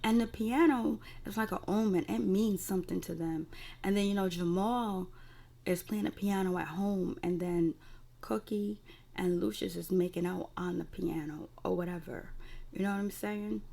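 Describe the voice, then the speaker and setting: A woman's voice: mid-range voice, steady tone, moderate pace, vocal fry, mellow. A woman casually recapping a TV episode in a rambling, profane way with lots of fillers. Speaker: TV recap reviewer.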